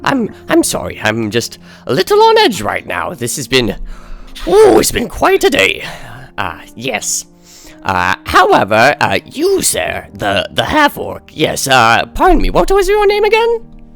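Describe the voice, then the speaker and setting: A man's voice: medium pitch, wildly swooping pitch, a little slow, creaky, fairly bright tone, faint music behind, pitched above the performer's own voice, exaggerated voice. A man voicing a sweaty, fussy male gnome who announces and coordinates a tournament, talking in flustered stammers full of "uh" and "ooh".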